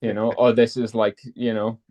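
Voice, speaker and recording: A man's voice: on the low side, little pitch movement, moderate pace, darkish tone. A man from North East England, chatting casually and rambling with many fillers. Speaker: participant in an online group chat. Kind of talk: casual chat.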